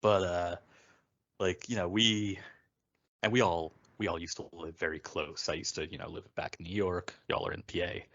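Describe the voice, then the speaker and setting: A man's voice: low voice, flat delivery, normal speed, fairly bright tone, dry recording, highs cut off. A man in his thirties co-hosting a podcast, chatting casually and rambling, with lots of fillers and restarts. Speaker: podcast co-host. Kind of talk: casual chat.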